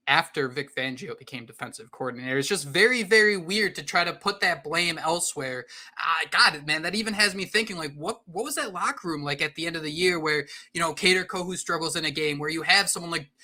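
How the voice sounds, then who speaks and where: A man co-hosting sports talk radio, animated and opinionated in casual chat. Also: fairly high pitch.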